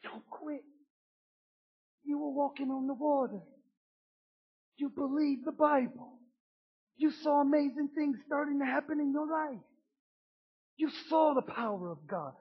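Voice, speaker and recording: A man preaching a sermon with emphatic, repetitive phrasing that swings between loud declarations and hushed passages. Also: very high-pitched, unhurried, long pauses. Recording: dull lo-fi recording.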